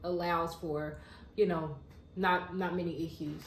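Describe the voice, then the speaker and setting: A woman's voice: lowish voice, steady tone, a little slow, echoey room, a little hiss or hum, low-quality recording. A woman co-hosting a casual chat, talking in a chatty way and laughing often. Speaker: co-host.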